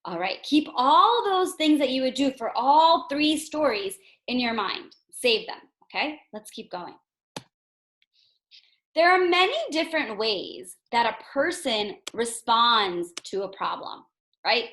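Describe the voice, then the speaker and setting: A woman teaching a reading lesson to young children in a gentle way. She asks questions and often checks in with them. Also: fairly high pitch, lively intonation, a little slow.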